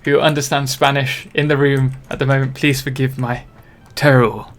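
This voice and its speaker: Talking a little fast in a flat, medium-pitched voice, this young Briton chats loosely while playing on a live stream. He rambles, mocks himself, and keeps saying um and starting over.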